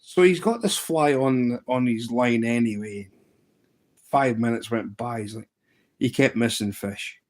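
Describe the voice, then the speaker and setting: A man hosts a relaxed live chat stream and tells an anecdote with energy. He slips into other people's lines as he recounts what they said, keeping it casual and chatty. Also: medium pitch, measured pace. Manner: animated anecdote-telling, acting out what others said.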